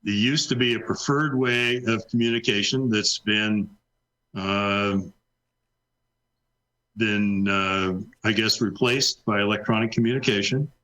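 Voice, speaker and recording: A man's voice: fairly low pitch, steady tone, unhurried, pushed and bright, poor audio. A man co-hosting a casual live stream, posing riddles and patiently explaining the answers. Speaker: co-host. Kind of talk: casual trivia quiz chat.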